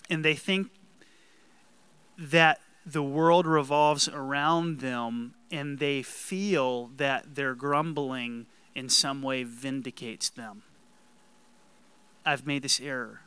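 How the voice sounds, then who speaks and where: A man's voice: a little high, pushed and bright, clean tone, dry recording. A male pastor preaching a sermon in a conversational way, checking in with the congregation. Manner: conversational, asks the congregation questions.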